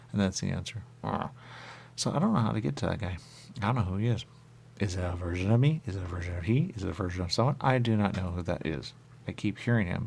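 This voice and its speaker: A man with a very low voice and a rough, gravelly fry, hosting a radio show. He rambles in loose circles, comes back again and again to a pet phrase, and jumps into squeaky high voices when he quotes others. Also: slight background noise. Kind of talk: rambling spiritual monologue. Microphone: radio studio mic.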